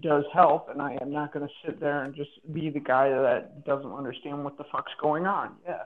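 A young man co-hosting a casual chat with friends, laid-back and halting, full of "like" fillers. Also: fairly high pitch, fairly even intonation, narrow, tinny audio. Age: young adult. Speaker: podcast co-host.

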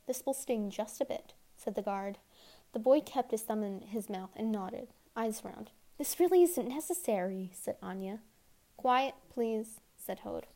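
A woman reading a novel aloud as an amateur audiobook, quick, giving the characters softly shifted voices. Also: mid-range voice. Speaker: audiobook reader.

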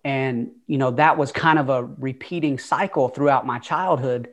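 A man's voice: mid-range voice, moderate pace. A young man with a Southern twang tells his own story as an interview guest. He speaks openly and earnestly, with casual fillers, in an everyday mid-range voice. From Atlanta, USA. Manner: open, earnest, conversational with fillers.

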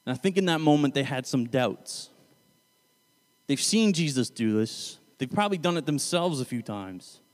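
A man's voice: medium pitch, animated, moderate pace. Casual man teaching scripture, echoey room. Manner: conversational, self-correcting, paraphrasing scripture loosely. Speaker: Bible teacher.

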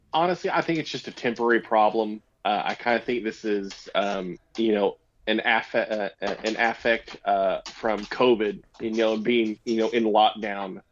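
A man's voice: fairly low pitch, muffled recording, a little hiss or hum. A man chatting casually and giving his opinions in a rambling way, with many fillers and restarts. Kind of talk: casual chat.

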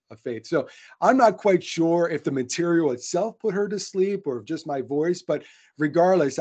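A man's voice: medium pitch, a little mellow. A man co-hosting a casual podcast, talking in an earnest, friendly way with frequent fillers and restarts. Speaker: podcast co-host. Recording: dull lo-fi sound.

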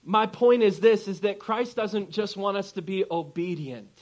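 A man in his thirties, a pastor preaching a sermon to his congregation, calling out to them and moving between slow, soft emphasis and loud, lively storytelling. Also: high voice, dull audio. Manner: animated preaching, asking the congregation for responses.

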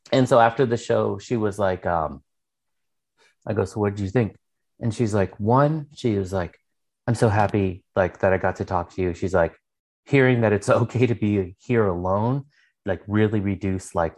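Lowish in pitch and darkish in tone, this man co-hosts a podcast where he chats casually. His storytelling rambles and is packed with filler words and swearing.

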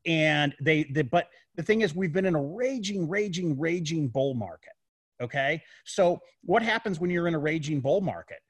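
A man's voice: on the high side, expressive, normal speed, husky, no room sound. A man in a casual discussion who talks emphatically, repeats his words and piles up rhetorical questions.

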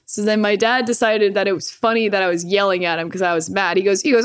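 A woman in casual conversation who curses freely and laughs often as she talks. She slips into livelier voices when she quotes people. Her pitch sits in an ordinary middle range. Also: fairly even intonation, quick pace, few pauses, clear, resonant tone. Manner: profane, laughs often, acts out quoted lines. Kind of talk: casual chat.

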